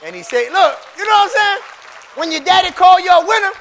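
A man preaching a sermon in casual, repetitive speech that swings from quiet storytelling to shouting. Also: extremely high pitch, fast, a faint crowd, a little hiss or hum. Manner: repetitive, casual street talk.

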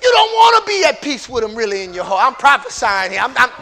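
Fast and fervent, a male pastor preaches in a strikingly high, bright, piercing voice whose pitch swoops wildly. He shifts from quiet, intimate moments to shouted climaxes, speaking straight to his congregation and dropping folksy asides. Faint music plays in the background.

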